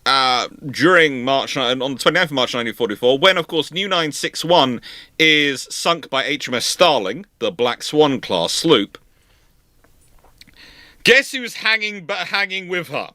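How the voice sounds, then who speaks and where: Animated man hosting a naval history stream. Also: fairly high pitch, a little slow, no room sound. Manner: animated, rambling, laughs often. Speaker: host.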